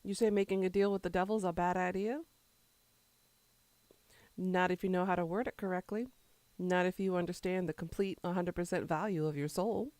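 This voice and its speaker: A woman's voice: fairly low pitch, fairly even intonation, moderate pace, a little mellow, dry recording. A woman streamer chatting casually with her viewers, rambling between topics and answering chat while she eats.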